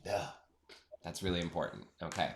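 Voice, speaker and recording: A man's voice: low-pitched, moderate pace. A man hosting a podcast, enthusiastic and playful, speaking directly to his listeners. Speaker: podcast host. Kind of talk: casual podcast interview.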